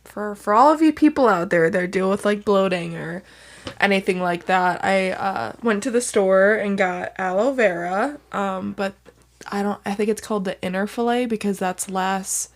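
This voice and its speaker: Young woman guest, mid-pitch, sleepy and rambling, chatty filler-heavy talk. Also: moderate pace. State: just woken up. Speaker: guest, host's fiancée. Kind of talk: casual morning chat.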